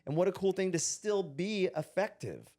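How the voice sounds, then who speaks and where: A man's voice: sits high, animated, normal speed, dark tone. Earnest, reflective male podcast guest. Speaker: podcast guest, tattoo artist. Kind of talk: casual interview conversation.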